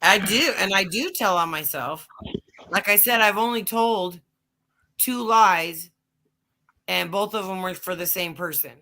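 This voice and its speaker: A woman's voice: mid-range voice, a little slow, bright, forceful tone, a little hiss or hum. A woman hosting a casual livestream chat, telling rambling stories full of swearing. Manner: profane, rambling storytelling. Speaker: livestream host.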